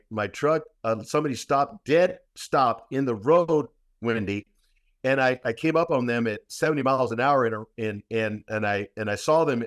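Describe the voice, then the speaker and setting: A man telling a long story in a podcast interview, speaking at a middle pitch. He talks emphatically, repeats words for weight and often restarts. His voice is dry and close to the mic. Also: no room sound. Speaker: guest practitioner.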